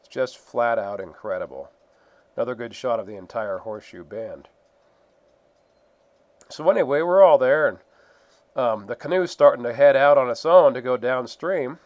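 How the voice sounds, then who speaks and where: A man's voice: mid-range voice, normal speed, long pauses, no room sound. A man casually narrating his own gold prospecting photos, rambling with fillers and laughs. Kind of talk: casual storytelling.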